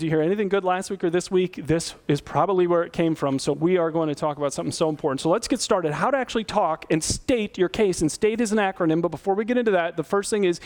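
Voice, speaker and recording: Guy pastor with a highish voice, chatty but punchy sermon, keeps asking the crowd stuff. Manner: conversational, emphatic, asks the congregation questions.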